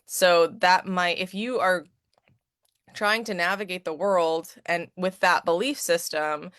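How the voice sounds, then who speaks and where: A woman's voice: on the low side, fairly even intonation, takes it slowly, a bit bright, clear, resonant tone, no room sound, clean studio sound. A woman who is an advocate and educator giving a conversational presentation, often checking in with "right?". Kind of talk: presentation talk with slides.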